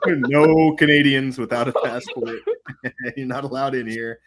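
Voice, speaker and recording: A man's voice: medium pitch, fairly even intonation, measured pace, a bit bright. A man in casual podcast chat, joking and acting out mocking quotes.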